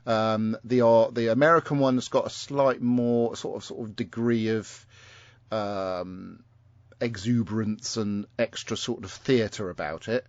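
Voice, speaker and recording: Podcast co-host, low voice, rambling and hesitant, dull muffled recording. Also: male voice, steady tone, unhurried, no room sound. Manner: rambling, hesitant, opinionated with many fillers. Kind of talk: casual chat.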